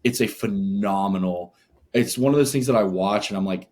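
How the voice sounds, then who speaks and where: A man co-hosting a casual podcast chat, talking in a loose, halting way with many fillers. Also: fairly low pitch, dark tone. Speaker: podcast co-host.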